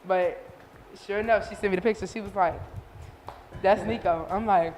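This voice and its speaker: A woman interviewing a singer in casual chat, telling stories with lively, animated delivery. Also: mid-range voice, normal speed, pauses often, long reverb tail, slight background noise. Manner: animated storytelling, voices others. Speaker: interviewer and showcase host.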